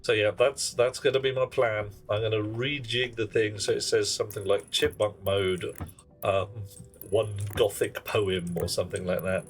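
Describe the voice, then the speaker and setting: A man's voice: lowish voice, fairly even intonation, moderate pace, soft background music. A man chatting on a live game stream in a wry, theatrical way. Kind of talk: casual live-stream chat.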